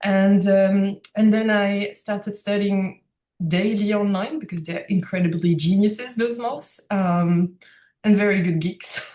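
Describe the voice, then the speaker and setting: A woman's voice: mid-range voice, slow pace. Woman with a roomy echo. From France. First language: French. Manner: animated, reflective, laughs often. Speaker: guest. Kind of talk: casual conversational storytelling.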